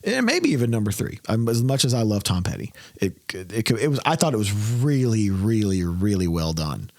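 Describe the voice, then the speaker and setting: A man ranting on a podcast, swearing freely and slipping into mocking voices. His pitch leaps up and down a lot as he gets going. The sound is dry and close with no room around it. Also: sing-song, moderate pace, darkish tone, no room sound. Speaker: podcast host. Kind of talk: casual profane podcast chat.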